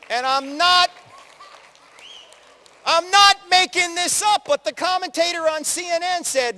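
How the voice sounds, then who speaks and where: A man in his sixties from New Jersey giving an animated, joking story-driven talk as a conference speaker, acting out quotes in other voices. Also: very high voice, measured pace, pauses often. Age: 60s. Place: large hall with audience. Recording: long hall reverb.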